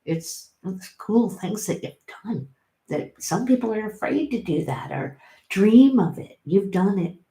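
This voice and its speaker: A middle-aged woman giving a casual tarot reading, chatty and encouraging, with sudden bursts of excitement. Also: medium pitch, measured pace. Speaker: tarot reader. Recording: roomy echo.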